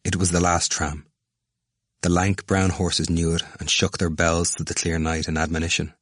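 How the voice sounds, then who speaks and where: Brief: male audiobook narrator, very low voice, measured and even, dry close recording. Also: no echo.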